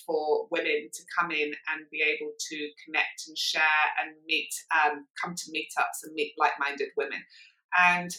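A woman's voice: sits low, flat delivery, normal speed, pushed and bright, echoey room, poor audio. A woman, a sobriety coach talking frankly and earnestly as a podcast guest. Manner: earnest, forthright, plain-spoken. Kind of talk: casual podcast conversation. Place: lives in Perth, Australia.

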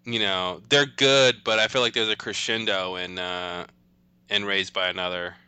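A man co-hosting a podcast in casual chat, agreeable and quick with backchannel "mm-hmm"s. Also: low-pitched, fairly even intonation, bright, forceful tone, clear, resonant tone, dry recording. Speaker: podcast co-host.

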